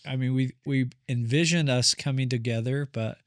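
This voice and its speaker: A man's voice: medium pitch, steady tone, moderate pace, clear, resonant tone, no echo, studio quality. A man who is a therapist, a guest on a podcast, telling a family story in an earnest, rambling way and acting out what people said. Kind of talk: casual storytelling conversation.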